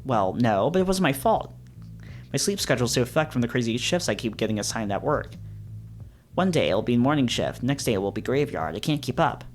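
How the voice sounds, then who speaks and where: A man's voice: medium pitch, very animated, a little fast, slight background noise, lightly acted. A man voicing a sulky young male lion musician, defensive and grumbling, with guitar music behind.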